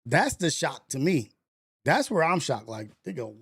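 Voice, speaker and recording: Lively 40s guy with a gravelly high voice, aae, chatting on his stream, big reactions. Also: a little slow. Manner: animated, swearing, laughing, exaggerated reactions. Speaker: livestream host. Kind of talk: casual livestream chat.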